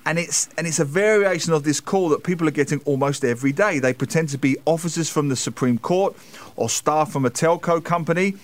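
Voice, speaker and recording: A man from the UK co-hosting a radio show, telling stories with animated asides. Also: a little high, fairly quick. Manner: animated storytelling, reads emails aloud in put-on voices. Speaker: radio host. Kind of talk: casual radio chat.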